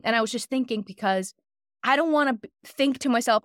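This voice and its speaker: Woman co-host, higher voice, dry close mic, thoughtful easygoing chat. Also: a bit bright, dry recording. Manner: reflective, quick-spoken, drops into quoted self-talk. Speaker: podcast co-host. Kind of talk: casual chat.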